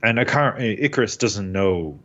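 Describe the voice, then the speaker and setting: A man co-hosting a podcast in casual chat, enthusiastic and quick to laugh. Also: lowish voice, muffled recording. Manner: enthusiastic, laughs often, animated when quoting. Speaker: podcast co-host.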